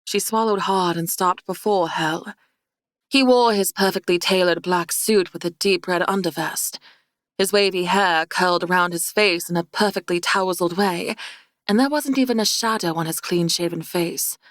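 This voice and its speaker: With a voice on the low side, a woman narrates a fantasy audiobook in steady, measured storytelling. The sound is dry and of studio quality.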